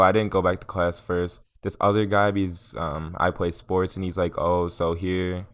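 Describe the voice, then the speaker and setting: A man's voice: low-pitched, smooth, no room sound. A young man telling a story in a casual, rambling way, swearing and filling it with "like" and "um". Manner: rambling, profane, filler-heavy. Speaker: vlogger.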